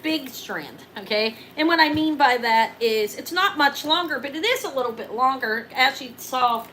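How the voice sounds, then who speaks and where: A middle-aged woman running a live jewelry auction, chatting excitably and counting down each sale. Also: high-pitched, normal speed, a little hiss or hum, rough recording. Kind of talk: live-stream sales chat.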